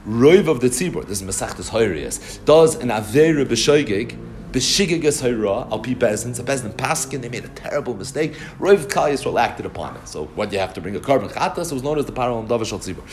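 A man giving a Talmud study lecture, explaining texts in an animated, sing-song way and repeating phrases for emphasis. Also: medium pitch, fairly quick, a little hiss or hum. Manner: animated, rising sing-song when quoting and explaining text. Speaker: Talmud teacher.

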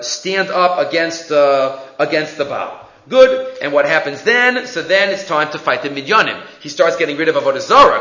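A man teaching a lesson, telling a Bible story in an animated way and acting out the lines of its people. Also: fairly high pitch. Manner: animated storyteller, acts out quotes, with fillers. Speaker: religious teacher. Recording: echoey room, dull lo-fi sound.

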